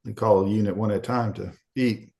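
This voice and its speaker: A middle-aged man from Arkansas speaks as a podcast guest, telling his story candidly. His voice sits low and has a gravelly fry. He slips into the quoted voices of the people in it. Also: fairly even intonation, brisk, darkish tone. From Arkansas, USA.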